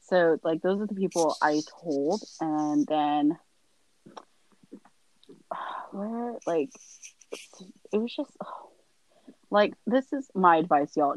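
Young woman telling animated stories, dry sound. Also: low voice, no echo, poor audio. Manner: animated storyteller, acts out family quotes, sighs and laughs often. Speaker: guest. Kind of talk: casual podcast chat.

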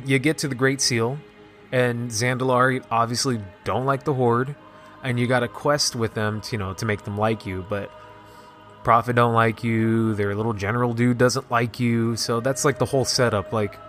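A man casually recapping a video game story, excited and rambling, with lots of "like" and restarts. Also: medium pitch, normal speed, faint music behind. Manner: excited, rambling, heavy use of "like". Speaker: gaming video host.

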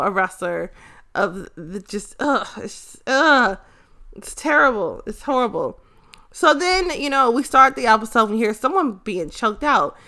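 Young woman, bright and slightly high voice, blunt and profane, rambling casual episode recap. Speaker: show recapper.

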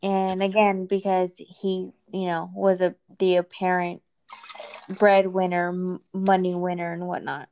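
A woman casually telling a personal story in a relaxed, chatty way, sometimes acting out what people said. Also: fairly low pitch, measured pace, clean tone. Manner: relaxed, chatty, acts out quoted voices.

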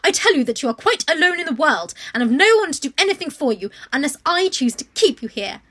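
A woman's voice: a little high, lively intonation, fairly quick. A woman voicing a stern, cold older headmistress who scolds sharply, read aloud from a storybook. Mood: scornful.

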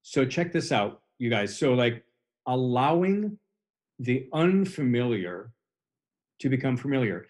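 A man in the host's chair who coaches more than he chats. He talks earnestly at a mid pitch and loops back over his own phrases to press a point home. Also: sing-song, unhurried, darkish tone. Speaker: host. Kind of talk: recovery podcast conversation.

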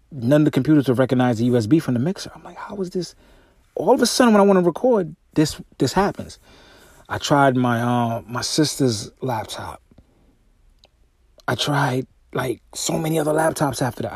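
A man hosting his own podcast, telling a long story casually, swearing often, his voice jumping high when he gets exasperated. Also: animated, normal speed, darkish tone, husky, no echo, studio quality. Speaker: podcast host and music artist. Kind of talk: casual solo podcast monologue. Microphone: podcast microphone through a mixer.

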